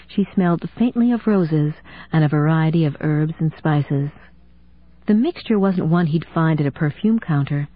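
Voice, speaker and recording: Husky woman narrating a romance. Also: deep voice, no room sound. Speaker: audiobook narrator. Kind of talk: scripted narration. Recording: dry tinny phone-like sound.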